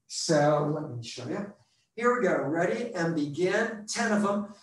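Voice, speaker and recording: A man coaches runners through a live video-call workout, counting reps in an unhurried, drawn-out way. He is a little out of breath and clears his throat now and then. His voice echoes around the room he is in. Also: high voice, lively intonation. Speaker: running coach. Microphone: computer mic on a video call.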